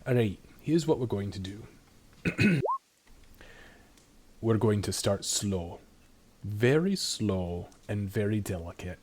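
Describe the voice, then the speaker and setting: A man voicing a gruff male dwarf who loves strong drink, speaking low and slyly. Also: expressive, slow pace, pauses often, noisy background.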